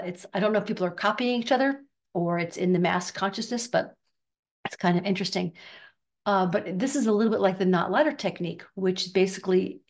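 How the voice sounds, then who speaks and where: An older woman giving a casual spiritual talk, chatty and riffing, acting out bits of gossip in quick voices. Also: on the low side. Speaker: spiritual teacher.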